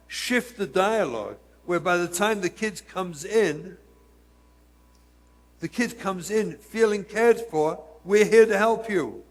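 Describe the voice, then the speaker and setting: A man's voice: a little high, big-room sound. A man, a rabbi, giving an earnest storytelling lecture and speaking directly to his listeners.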